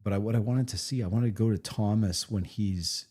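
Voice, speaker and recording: A man's voice: lowish voice, fairly quick, dark tone, husky. A man critiquing a recorded game session on a live stream, rambling with frequent restarts. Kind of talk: live reaction commentary.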